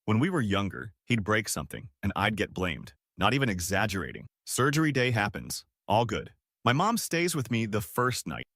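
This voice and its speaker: A man tells a first-person story in a casual, conversational way, his pitch moving freely up and down. The recording is dry and close, with no room sound around the voice. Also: a bit bright, dry recording. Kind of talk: reading a first-person online story aloud.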